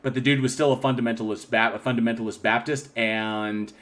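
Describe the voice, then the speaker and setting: A man hosting a casual livestream, reading chat comments aloud and rambling with frequent throat clearing and restarts. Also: mid-range voice, steady tone, fairly quick, a bit bright. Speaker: channel host.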